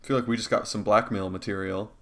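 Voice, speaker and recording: A man co-hosting a podcast, joking and teasing in quick, laughing banter. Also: lowish voice, fairly even intonation, fairly bright tone, slight background noise. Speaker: podcast co-host. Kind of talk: casual podcast chat.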